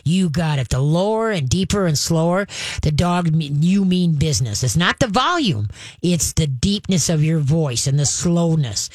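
A woman hosting a call-in radio advice show as a dog trainer, talking briskly and emphatically and dropping into slow, deep growls to demonstrate commands. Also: animated, a little mellow, dry recording.

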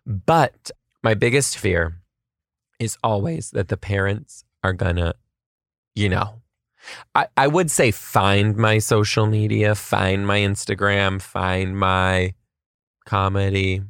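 A man who teaches kindergarten, telling comedic stories about his class with animated, self-mocking asides. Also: fairly low pitch, slow, creaky, clear, resonant tone, no room sound, clean studio sound. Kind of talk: comedic storytelling vlog.

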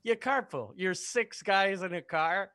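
A man with a bright, sharp, slightly high voice cracks profane, mocking jokes in loose podcast banter. The sound is dry and close, with no room around it. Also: a little slow, no echo. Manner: profane, mocking, laughs often. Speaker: podcast co-host. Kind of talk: crude casual banter.

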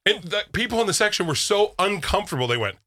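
A man co-hosting a chat show tells a story casually and does the voices of the people in it. His pitch swoops widely and his tone is bright. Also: fast. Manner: animated, acts out voices in his stories. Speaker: radio show co-host.

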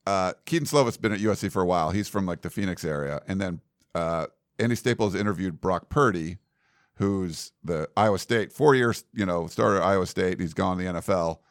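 A man's voice: low-pitched, a little fast, no echo, clean studio sound. A man hosting a casual sports podcast, rambling with lots of likes and ums. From United States. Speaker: podcast host.

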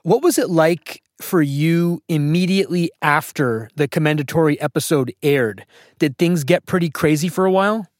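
A man's voice: fairly high pitch, normal speed, no echo, clean studio sound. Curious man hosting an interview. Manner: curious, conversational questions. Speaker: podcast host interviewer. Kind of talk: casual interview.

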